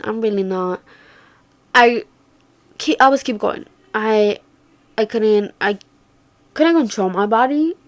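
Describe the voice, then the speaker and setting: A young woman telling a story casually, swearing and slangy, jumping from loud outbursts to hushed murmurs. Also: mid-range voice, vocal fry. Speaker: vlogger.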